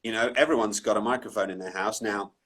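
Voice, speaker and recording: Husky-voiced man in easy conversation. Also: lowish voice, quick pace, a bit bright. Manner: thoughtful, self-deprecating, trailing restarts. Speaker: voice-over artist, guest. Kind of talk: relaxed conversational interview. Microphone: online live video call.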